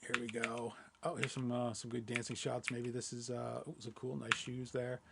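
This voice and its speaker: A man walking viewers through a software demo in a webinar, relaxed and thinking aloud with lots of fillers. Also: medium pitch, moderate pace, creaky, very noisy. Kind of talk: screen-share webinar demo.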